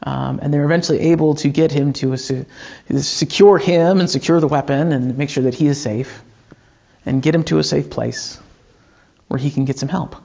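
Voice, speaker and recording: A man's voice: on the high side, fairly even intonation, normal speed, vocal fry, dark tone, muffled recording. A man preaching a sermon as pastor, telling a story in a loose conversational way with frequent fillers and restarts.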